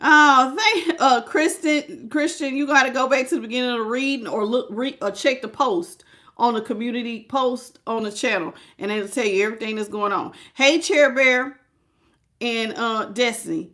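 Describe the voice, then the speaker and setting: A woman's voice: on the high side, normal speed, fairly bright tone. Chatty woman reading tarot live. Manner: chatty, greets viewers by name while reading cards; frank and familiar, calls viewers y'all, child and baby. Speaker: tarot reader hosting a live stream.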